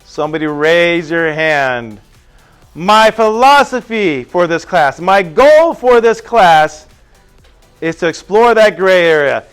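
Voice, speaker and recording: An animated male teacher speaks in a high voice that swoops up and down, telling stories and peppering the class with quick questions. Faint music sits behind him. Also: clean tone. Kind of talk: classroom lecture.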